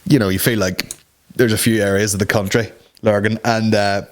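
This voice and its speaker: A man's voice: on the low side, little pitch movement, moderate pace, background noise. A young man hosting a comedy podcast, crude and sarcastic, swearing often as he rants and mocks people in put-on voices. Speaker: podcast host.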